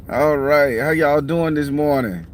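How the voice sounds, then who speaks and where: A man's voice: a little high, a little hiss or hum. Tired, blunt middle-aged man in a car. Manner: blunt, profane, tired and yawning. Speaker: tarot reader and channel host. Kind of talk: casual talk to camera. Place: parked car. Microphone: clip-on mic.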